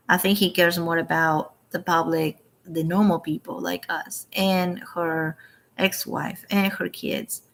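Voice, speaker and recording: This vlogger sounds fairly low and creaky, with a touch of brightness. Indignant in a casual opinion video, she rambles, quotes other people, and keeps restarting what she's saying.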